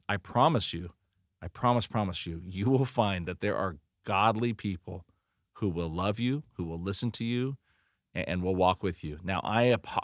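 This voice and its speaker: A middle-aged man, a pastor, giving earnest, animated encouragement in a podcast interview, often restarting his sentences. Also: low-pitched, no room sound, studio quality. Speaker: pastor and church leadership consultant.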